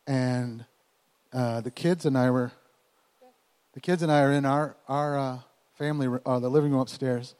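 A man in his forties, a pastor, telling a personal story in a sermon, animated and folksy, with chuckling asides. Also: medium pitch, moderate pace, pauses often, smooth, in a large hall.

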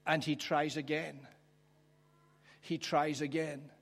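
A man preaching a sermon, reflective and conversational, pausing for emphasis. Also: fairly high pitch, flat delivery, vocal fry, fairly bright tone. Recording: church hall with long reverb.

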